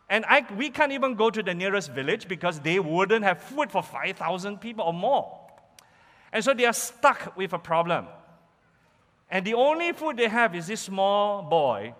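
A man preaching a sermon, telling the story in an animated, emphatic way. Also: high voice, normal speed. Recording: reverberant hall.

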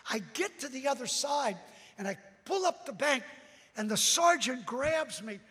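A man preaching a storytelling sermon to a hall with a balcony, animated, speaking straight to the crowd and breaking into shouts. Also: extremely high pitch, a little slow. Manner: animated, bursts into shouts, addresses folks directly. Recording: long hall reverb.

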